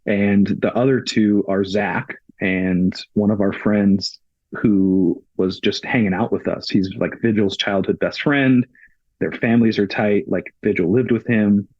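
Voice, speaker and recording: Podcast guest from a touring crew: a husky man with a low voice, casual storyteller who relives scenes through quoted exchanges. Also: fairly even intonation, a little slow, dry recording, dull audio. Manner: retells events with frequent "I was like" quotes.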